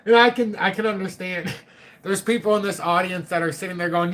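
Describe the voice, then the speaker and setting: A man's voice: high voice, a little fast, a bit bright. A middle-aged man hosting a live chat stream, joking, laughing often and swearing casually. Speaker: livestream host.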